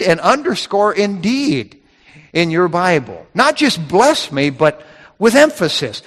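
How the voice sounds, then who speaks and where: A man's voice: fairly high pitch, very animated, a little slow. A man preaching a sermon from scripture, with emphatic, repetitive phrasing that builds in intensity. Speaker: pastor. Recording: reverberant hall.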